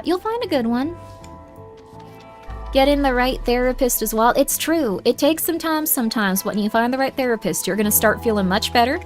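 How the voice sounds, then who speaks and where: A young woman chats on a livestream in a bright, fairly high voice, slipping into a playful mock-southern drawl. She talks motherly and direct, calling viewers honey. Faint game music plays under her desk mic. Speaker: streamer. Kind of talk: casual livestream chat.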